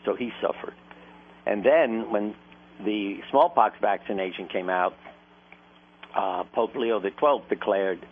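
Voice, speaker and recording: Deep-voiced man on a phone line. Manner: anecdotal, earnest, laughs while telling stories. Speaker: doctor, interview guest. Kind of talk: conversational storytelling. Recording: tinny phone-line sound with faint noise.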